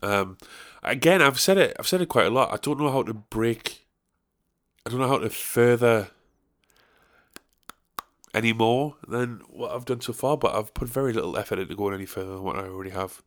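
A man's voice: mid-range voice, normal speed, fairly bright tone. A young man hosting a solo podcast, rambling casually with crude, self-mocking jokes. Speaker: podcast host.

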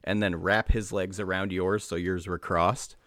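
Deep male guest, dry close-miked, keen explainer full of fillers. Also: level tone, unhurried, a bit bright, dry recording. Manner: enthusiastic explainer, many fillers like "um" and "like". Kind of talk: casual conversation.

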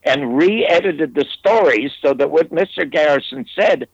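A man's voice: on the high side, lively intonation, unhurried, gravelly, no room sound. An older American man, an interview guest and former TV producer, telling an anecdote in an emphatic, digressive way with restarts. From United States. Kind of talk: anecdotal storytelling. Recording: dull, dry lo-fi audio.

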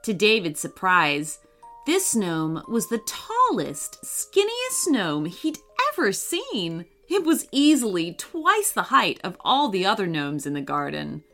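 A woman's voice: medium pitch, wildly swooping pitch, a bit bright, faint music behind. A woman reading a children's story aloud and putting on voices for the characters. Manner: reads slowly, puts on voices for characters.

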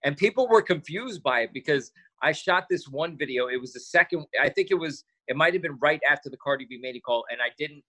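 A man with a bright, forceful voice that sits a little above the usual male pitch. He is a guest in a casual interview and tells his stories with energy, slipping into the voices of the people he quotes. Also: brisk, few pauses. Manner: animated storyteller, acts out quotes. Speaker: podcast guest.

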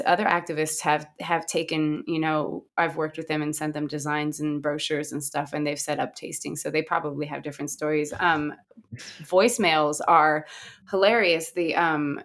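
A woman from the United States, a guest on a podcast, telling lively stories in casual conversation and laughing often. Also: deep voice, normal speed. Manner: animated storyteller, laughs often. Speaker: guest, activist.

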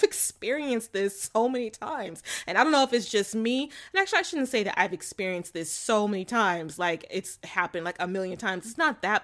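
A woman in casual vlog mode giving frank relationship advice at a middle pitch. She talks loosely and candidly, scattering "like" and "you know" through her sentences. She laughs often and drops into slangy phrasing. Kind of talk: casual chat to camera.

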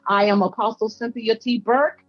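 A woman preaching with fervent, rhythmic repetitions, her high voice husky and teary, breaking now and then. She is from Georgia and delivers her testimony with the cadence of a guest preacher. Soft music plays behind her. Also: animated, moderate pace, highs cut off.

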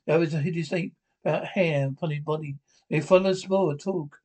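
A man with a somewhat high voice reads a classic adventure novel aloud. He stumbles and restarts words often, pressing on through the story in an unpolished, amateur narration. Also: fairly even intonation, a little mellow, low-quality recording. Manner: halting, frequent restarts and stumbles. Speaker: audiobook narrator.

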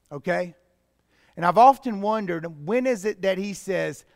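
A man's voice: high voice, animated, unhurried, creaky, no room sound, clean studio sound, in a large hall. A man preaching a sermon, reading scripture and dramatizing it with rising intensity. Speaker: pastor.

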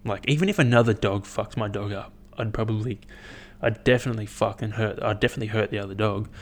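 Talking quickly to the camera, a young vlogger with a slightly low voice wanders from one idea to the next without a script. He's blunt and profane and leans heavily on "like" and "um."

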